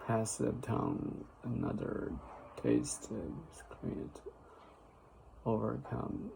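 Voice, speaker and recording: A man reading a mystery novel aloud in a halting way, stopping to read out the meanings of words he meets. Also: lowish voice, big pitch swings, creaky, mellow, a little hiss or hum. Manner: halting reading, stops to read out word definitions.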